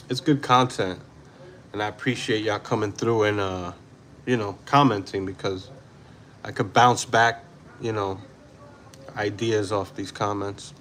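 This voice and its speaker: Slow, blunt man in his forties. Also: lowish voice, a little hiss or hum. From New York City. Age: 40s. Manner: blunt, unhurried, slips into Spanish phrases. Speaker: livestream host. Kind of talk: casual livestream commentary reading chat.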